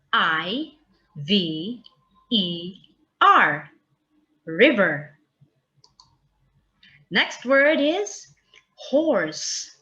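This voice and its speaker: Slow, bright-voiced woman teaching kids. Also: medium pitch, muffled recording. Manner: slow, drawn-out spelling aloud for kids. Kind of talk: children's vocabulary lesson.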